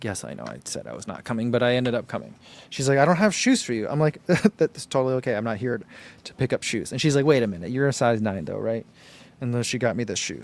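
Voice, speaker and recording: A man's voice: medium pitch, darkish tone. A man chatting casually on a vlog, rambling through running shoe thoughts and reading viewer comments aloud.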